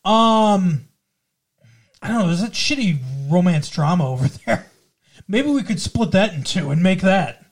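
A man's voice: high-pitched, expressive, a little slow. A man co-hosting a podcast in casual chat, rambling and teasing, full of trivia. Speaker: podcast co-host.

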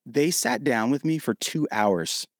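A man from Ohio, a podcast guest, telling lively stories and acting out the dialogue. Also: medium pitch, measured pace, gravelly. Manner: animated, acts out quoted dialogue. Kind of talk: storytelling in a podcast interview.

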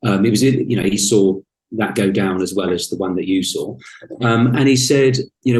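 Low-voiced man, halting, echoey room. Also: a little mellow. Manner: halting, repeats words at the start of sentences. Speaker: guest, author and speaker. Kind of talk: casual podcast conversation. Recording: roomy, echoey sound.

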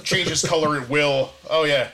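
A man jokes brashly with the others at the table. His voice is bright and a little higher than average. Faint noise sits behind him. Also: steady tone, measured pace. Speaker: player.

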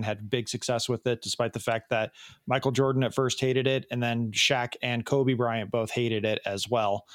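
A man in his thirties from the Chicago area, USA, co-hosts a podcast, recapping a TV episode in casual, rambling chat full of ums and restarts. His mid-range voice is recorded at studio quality with no room sound.

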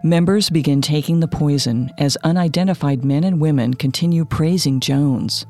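A man narrating a scripted true-crime story in a measured, matter-of-fact way. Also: fairly high pitch, a little mellow, soft background music. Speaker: podcast narrator.

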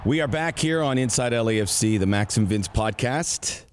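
A man co-hosting a casual sports podcast, joking and animated with quick asides. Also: medium pitch, over loud music. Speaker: podcast co-host.

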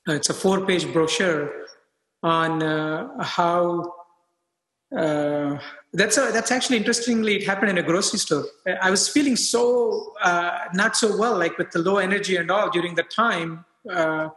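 High bright man in echoey room. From India. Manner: halting, many fillers and restarts. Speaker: physician guest. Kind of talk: casual interview talk. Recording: echoey room with long reverb.

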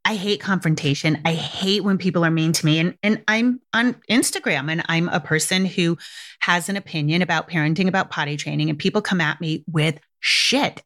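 A middle-aged woman with a somewhat low voice hosts a parenting podcast on her own. She talks in a loose, emphatic way, repeating words, checking in with "right?" and dropping the odd swear word. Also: a bit bright. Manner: chatty and emphatic, repeats words, says "right?" and "you guys", swears casually. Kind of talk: casual solo podcast talk.

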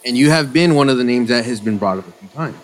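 A man co-hosts a live audio chat with a lively, swinging pitch. He keeps things jokey and friendly. A light hiss of noise sits under his voice. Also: fast talker. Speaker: podcast co-host.

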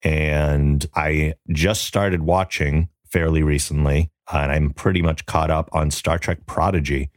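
A man co-hosting a podcast, chatting casually with a deep radio-style voice. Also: steady tone, a little slow, few pauses, dry recording, studio quality. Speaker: podcast co-host. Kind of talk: casual chat.

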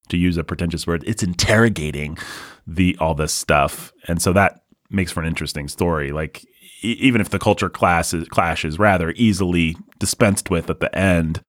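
A man co-hosting a casual film podcast, talking animatedly, laughing often and mocking things with quick put-on voices. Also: low voice, fairly bright tone, no room sound, clean studio sound. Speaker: podcast co-host.

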